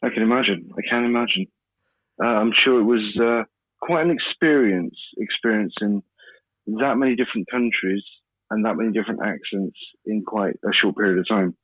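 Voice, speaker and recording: A man's voice: lowish voice, a little fast, husky, no echo. A British man co-hosting a casual chat, easygoing and chuckling. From United Kingdom. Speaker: co-host. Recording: tinny phone-like line, dry.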